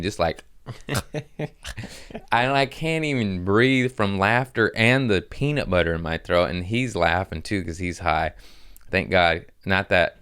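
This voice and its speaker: A man's voice: fairly low pitch, fairly bright tone, clear, resonant tone, no room sound, clean studio sound. A man, a stand-up comic hosting a podcast, telling stories in a casual, rambling way, laughing often and swearing freely. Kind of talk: casual storytelling chat.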